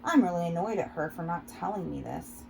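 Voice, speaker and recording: Woman audiobook reader, first-person narration, mellow dark voice, gravelly fry. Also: lowish voice, expressive, a little fast, slight background noise, low-quality recording.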